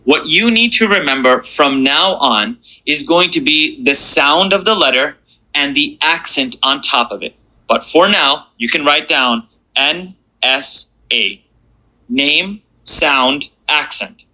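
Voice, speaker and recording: A man's voice: a little high, lively intonation, measured pace, bright, forceful tone, rough recording. A man teaching a beginners' Arabic class in a classroom, encouraging the students and drilling letter sounds aloud with them. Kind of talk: classroom lesson.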